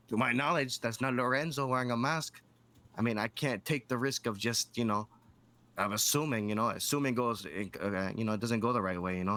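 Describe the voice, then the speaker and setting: Bright-voiced man rambling in character. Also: on the low side. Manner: rambling, fills with "you know". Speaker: roleplayer as a bounty hunter. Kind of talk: in-character roleplay chat.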